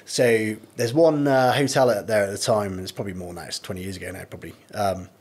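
A man's voice: fairly low pitch, steady tone, quick pace, a little mellow, husky. A man, a podcast guest, telling anecdotes in a laid-back way, swearing freely. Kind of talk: casual storytelling.

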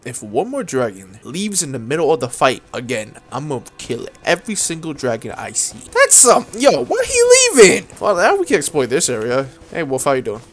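A young man giving casual, excitable, slangy commentary while playing a game, talking straight to the enemies he fights. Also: on the high side, normal speed, few pauses. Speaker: gaming video creator. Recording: voice over game music.

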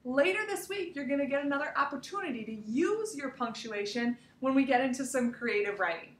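An elementary school teacher gives a recorded remote grammar lesson, speaking directly to young children in a cheerful, encouraging way. Her high-pitched voice is animated and fairly quick. She sounds far from the mic, in an echoey room.

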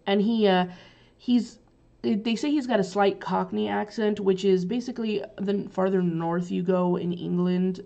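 A woman's voice: on the low side, vocal fry, dark tone. A woman teacher casually recapping a play for her students, chatty and loose with lots of fillers. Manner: chatty, paraphrasing lines loosely with many fillers. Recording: dull lo-fi recording.

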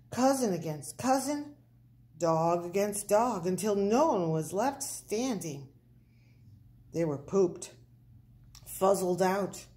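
A woman reading a children's picture book aloud, slow and playful with the words. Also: fairly low pitch. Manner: slow, expressive, playful wordplay. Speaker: storyteller.

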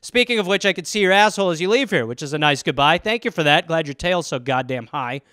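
A man hosting a podcast, riffing casually and profanely, rambling through stories and dropping into quick impressions. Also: a little high, bright, forceful tone, no room sound, clean studio sound. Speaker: podcast host. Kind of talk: casual solo comedic riffing.

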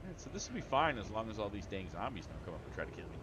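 A man's voice: on the low side, very fast, background noise. A man streaming a multiplayer game live, talking to his chat and friends, exclaiming and laughing as he plays. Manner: excitable, exclaiming and laughing often. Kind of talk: live gameplay commentary.

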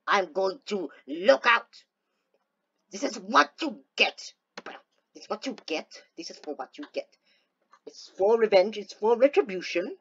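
A woman giving casual gameplay commentary, talking to herself excitedly and slipping into playful theatrical gloating. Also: medium pitch, a little slow, breathy edge, highs cut off. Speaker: gaming video host.

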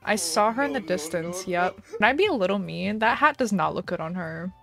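A young woman chatting casually through a gaming session, expressive, laughing often and squealing at good luck. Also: mid-range voice, fast, creaky, faint music behind. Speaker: gaming video creator. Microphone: headset or desk mic.

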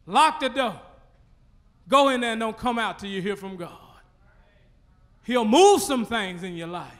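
A man's voice: high voice, lively intonation, a bit bright. A male pastor with a Southern US accent preaching a sermon in a church, stretching out phrases and calling out to the congregation. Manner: preaching with rising call-and-response fervor, drawn-out phrases. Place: church sanctuary.

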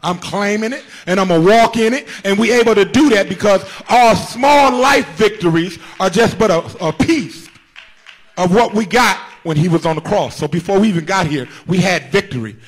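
High-voiced fervent male preacher. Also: normal speed, husky. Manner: fervent, repetitive, calls out to the congregation; rises to shouts at times. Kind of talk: Good Friday sermon.

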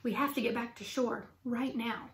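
A woman's voice: fairly high pitch, fairly even intonation, moderate pace, gravelly, distant mic. A woman voicing a cautious young boy in a storybook, with exasperated grumbling. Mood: urgent. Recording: roomy echo.

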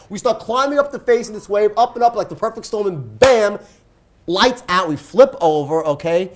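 A man telling a wild story as a guest speaker, in an animated way and acting out the voices he quotes. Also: high-pitched, moderate pace.

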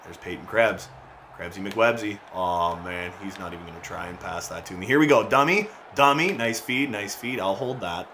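A man giving casual commentary as he plays a hockey video game, excitable and mocking his teammates, with frequent shouts and laughs. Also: low voice, moderate pace, a little hiss or hum. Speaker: gaming YouTuber.

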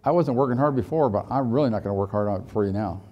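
Sulky defiant farm horse, grumbling low in a fable, from a male trainer. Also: fast talker, muffled recording, natural voice. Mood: defiant grumble.

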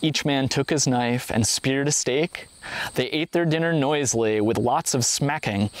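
A man narrating a traditional story, reading aloud with expression and playful sound effects. His voice sits at an ordinary middle pitch. It's a calm storyteller's read. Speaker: reader.

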